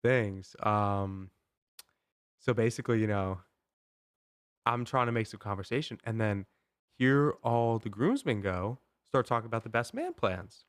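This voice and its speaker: A man's voice: on the low side, expressive, a little slow, smooth, no echo, clean studio sound. A young man hosting a podcast, telling a story in a casual, rambling way, with lots of "like" and "um" fillers. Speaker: podcast host.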